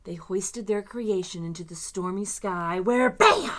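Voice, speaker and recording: A woman librarian reading a picture book aloud to children with expressive, dramatic storytelling. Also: medium pitch, a little slow.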